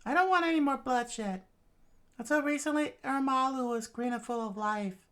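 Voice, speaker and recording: A man putting on a high pleading princess. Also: normal speed, a bit bright, clear, resonant tone. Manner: high strained falsetto. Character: pleading young princess, earnest and desperate. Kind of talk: comic read aloud.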